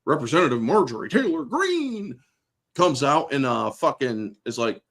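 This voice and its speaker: A man's voice: mid-range voice, sing-song, brisk, gravelly, fairly bright tone. A male host delivering a blunt, sarcastic political rant full of swearing.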